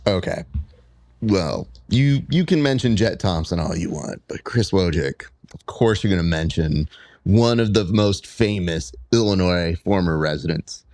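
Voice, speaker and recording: Guy hosting a grappling podcast, kinda low voice, jokey, dry sound. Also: expressive, a little slow, darkish tone, no room sound. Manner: playful, joking storyteller. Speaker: podcast host. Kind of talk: casual interview chat.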